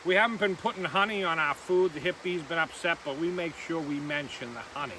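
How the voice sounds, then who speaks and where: A man's voice: fairly high pitch, fast, bright, forceful tone. A man hosting a casual outdoor vlog on a riverbank, chatty and rambling. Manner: chatty, rambling, self-correcting. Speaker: vlog host. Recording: distant outdoor mic with stream noise. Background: flowing stream and passing traffic.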